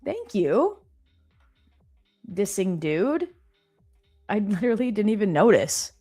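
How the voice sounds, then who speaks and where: With a medium-pitched voice that has a breathy edge, a woman hosts an office live stream, chatting casually and reading viewer comments aloud with quick, animated exclamations. Soft background music plays.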